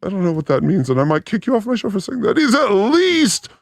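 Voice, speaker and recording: A man hosting a podcast, teasing his guest with crude, animated jokes in casual chat. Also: high-pitched, fairly quick, creaky, dry recording. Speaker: podcast host. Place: studio.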